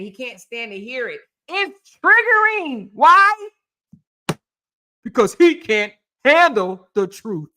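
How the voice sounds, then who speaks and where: A woman's voice: high-pitched, bright, forceful tone. A woman hosting casual gossip commentary, mocking and emphatic, repeating her points. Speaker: commentary host.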